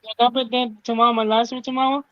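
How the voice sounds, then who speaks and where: A man's voice: extremely high pitch, little pitch movement, quick pace, over a noisy crowd. Man speaking broken English, lo-fi sound. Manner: broken non-native English, laughs easily. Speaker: streamer guest. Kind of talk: casual chat. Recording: dull lo-fi sound.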